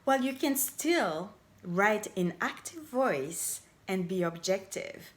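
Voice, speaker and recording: A middle-aged woman coaching on language, giving an upbeat, emphatic grammar lesson and slowly stretching out her example phrases. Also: mid-range voice, animated. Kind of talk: casual explainer lesson to camera.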